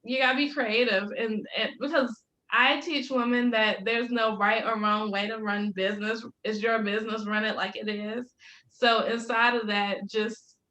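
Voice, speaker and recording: She's a woman in her thirties whose fairly high voice is steady, pushed, and bright, moving at a normal speed. As a business coach guesting on a podcast over a video call in a room with echo, she keeps the casual interview upbeat, laughing often through faith-filled storytelling.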